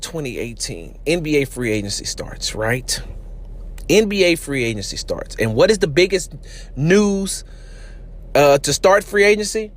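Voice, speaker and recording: A man's voice: high voice, no room sound. A man hosting a sports talk podcast, chatting casually and joking as he acts out little scenes. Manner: joking, playful storyteller who acts out quotes. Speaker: podcast host.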